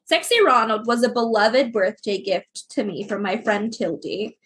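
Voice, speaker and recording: A woman from Florida chatting on a podcast, laughing often as she tells stories with quick asides. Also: a little high, fairly bright tone, slight background noise. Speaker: podcast guest. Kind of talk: casual chat.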